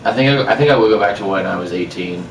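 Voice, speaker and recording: Male podcast co-host, lowish voice, jokey, distant roomy recording. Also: muffled recording, a little hiss or hum. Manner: joking, quick interjections. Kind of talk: casual chat. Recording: roomy live stream, mic at a distance.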